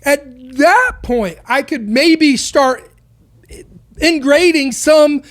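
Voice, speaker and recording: A woman with a notably high voice hosts a podcast, ranting through an opinionated monologue. She talks with heat and keeps firing rhetorical questions. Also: lively intonation, extremely slow. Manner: impassioned, full of rhetorical questions. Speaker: podcast host.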